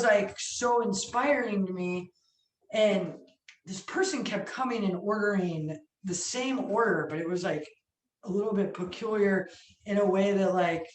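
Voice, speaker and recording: A woman restaurant owner telling stories in a casual interview, animated, swearing freely and acting out what people said. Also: mid-range voice. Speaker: restaurant owner and sandwich chef. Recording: echoey room, mic far off.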